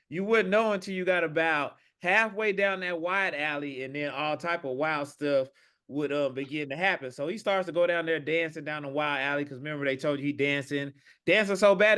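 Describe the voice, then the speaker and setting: A man improvising a story, animated and acting out the characters he quotes. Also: fairly high pitch.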